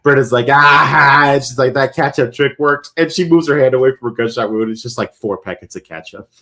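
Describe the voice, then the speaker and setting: A man co-hosting a podcast, retelling movie scenes in an animated way and acting out the lines. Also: mid-range voice, fast talker. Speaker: podcast co-host. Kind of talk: casual movie recap chat.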